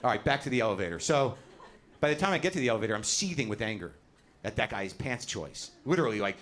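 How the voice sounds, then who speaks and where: A man's voice: medium pitch, very animated, fast talker, fairly bright tone. A middle-aged man doing a stand-up set on a club stage, ranting and swearing with self-deprecating bite. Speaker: stand-up comedian. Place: comedy club stage with audience.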